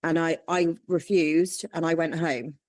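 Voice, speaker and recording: Candid woman, low and dry. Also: unhurried, dry recording. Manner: animated, quotes people in lively voices. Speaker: interview guest. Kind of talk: candid storytelling.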